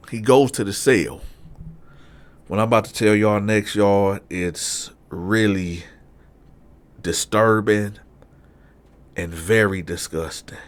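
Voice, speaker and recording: A middle-aged man casually telling a story, swinging between loud acted-out voices and low hushed asides. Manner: animated, acts out other inmates in loud raised voices. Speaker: storyteller, channel host.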